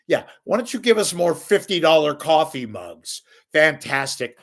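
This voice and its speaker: Scornful older man with a gravelly voice. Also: on the high side, sing-song, normal speed, few pauses, a bit bright. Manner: sarcastic, scornful, profane. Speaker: media commentator. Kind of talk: ranting solo commentary.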